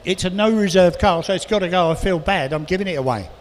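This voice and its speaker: A man working as an auctioneer, calling bids quickly and adding chatty asides about each car. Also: high-pitched. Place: auction hall, indoors. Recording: reverberant hall with faint noise.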